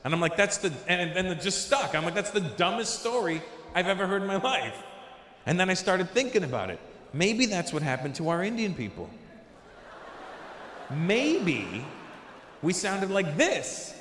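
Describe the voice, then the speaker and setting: A male stand-up comedian with a slightly high, very lively voice that swoops up and down as he tells his stories. He is recorded live in a large venue, and his voice rings out with a long, roomy echo and a faint hum of ambience behind him. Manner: animated storytelling with quick voice switches.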